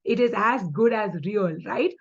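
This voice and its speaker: A woman's voice: medium pitch, measured pace, lo-fi sound. A woman with an Indian English accent running a quiz-style exam-prep lesson, chatty and upbeat, mixing in Hindi asides.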